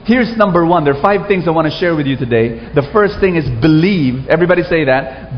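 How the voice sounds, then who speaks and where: A man's voice: a little high, lively intonation, a little fast, hardly any pauses. A man preaching a sermon to a congregation, telling stories and asking them to repeat after him. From Philippines. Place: church hall with congregation. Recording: dull echoey hall recording.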